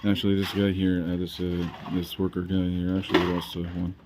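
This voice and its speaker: A man's voice: sits low, completely flat delivery, a little fast, heavy background noise. A man chatting casually as a vlogger, rambling and hesitant, with many fillers and repeated words.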